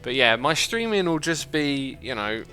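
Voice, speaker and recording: A man hosts a gaming livestream, answering chat in a loose, rambling way full of fillers and restarts. His voice is bright and forceful at a medium pitch. Faint music plays behind him. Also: very animated, moderate pace. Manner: thinks aloud with many fillers and restarts.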